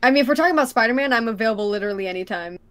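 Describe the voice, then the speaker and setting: A woman's voice: a little high, expressive, rapid-fire, a bit bright. A woman guest on a livestream, chatting in a giggly, playful, self-mocking way. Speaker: guest streamer. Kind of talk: casual livestream chat.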